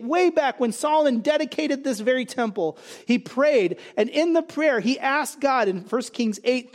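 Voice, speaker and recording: A man preaching a sermon, emphatic, asking and answering his own rhetorical questions. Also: very high voice. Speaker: pastor.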